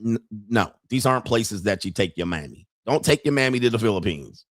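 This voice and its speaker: A man hosting a podcast, telling a story in a profane, animated way with frequent laughter. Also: on the low side, brisk, no echo, clean studio sound. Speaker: podcast host. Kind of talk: casual monologue.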